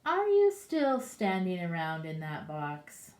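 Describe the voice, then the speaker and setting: A woman reading the lines of a puzzled parent who questions a child in a storybook, slow and asking. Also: on the low side, huge pitch swings, darkish tone, reverberant, heavily acted.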